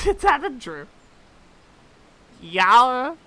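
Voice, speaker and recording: A woman's voice: lowish voice, sing-song, measured pace, pushed and bright. A young woman streaming a game, chatting in a playful way with swearing and laughter. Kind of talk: casual live gameplay chat.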